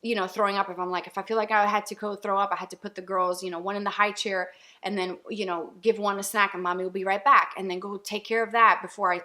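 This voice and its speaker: A woman in her thirties, chatting to camera as a vlogger, retelling a personal story in a lively way and acting out what was said. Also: mid-range voice, fast talker. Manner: chatty, animated retelling with acted-out quotes. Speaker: beauty and family vlogger.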